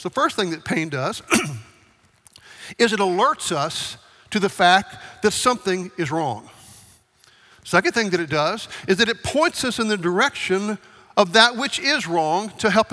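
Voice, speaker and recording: In a high, bright voice, a male preacher delivers a conversational sermon, repeatedly putting questions to his congregation. A long reverb from a large hall fills the sound.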